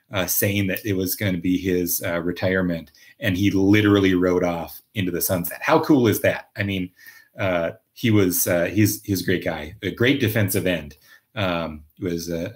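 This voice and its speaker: A man from Minnesota, casually hosting a live stream, chatting and reading viewer comments with lots of fillers and restarts. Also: on the low side. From Minnesota, USA. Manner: rambling, many fillers and restarts. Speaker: livestream host.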